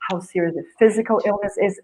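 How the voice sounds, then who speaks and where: A woman, a guest healer, telling an animated story over a video call and acting out sounds and gestures. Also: medium pitch, fast, low-quality recording. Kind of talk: storytelling in a live video chat.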